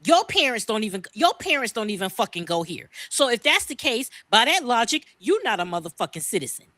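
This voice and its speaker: A woman's voice: fairly high pitch, big pitch swings, brisk, fairly bright tone, dry recording. A woman from the United States co-hosting a podcast, ranting in a profane, fired-up way. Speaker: podcast co-host. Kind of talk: heated casual podcast talk.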